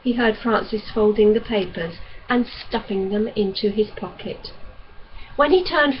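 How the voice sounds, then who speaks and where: A woman reads a novel aloud in an even, unhurried manner, her voice sitting in the middle of the range. The recording sounds dull and lo-fi, with a faint hiss underneath. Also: medium pitch. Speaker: audiobook reader.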